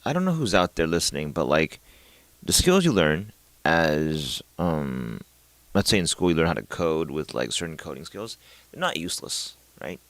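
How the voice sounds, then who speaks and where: Low-voiced man rambling in a dry room. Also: big pitch swings, normal speed, fairly bright tone, no echo. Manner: rambling, thinking aloud with many fillers and restarts; swears casually. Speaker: vlogger. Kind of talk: casual unscripted monologue.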